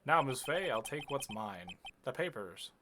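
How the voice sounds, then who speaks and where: A streamer voicing a theatrical, menacing villain in a lowered voice, reading game dialogue aloud. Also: sing-song, measured pace, background noise. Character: mysterious older man, smooth menacing schemer. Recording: game music underneath.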